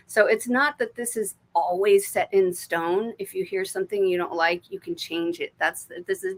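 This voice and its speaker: A woman's voice: lowish voice, a bit bright. A woman with an American accent giving live intuitive card readings. She talks in a chatty, swearing way, laughing often and dropping to murmurs when she asks for messages. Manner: drops to murmurs and whispers when asking spirit. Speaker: intuitive reader.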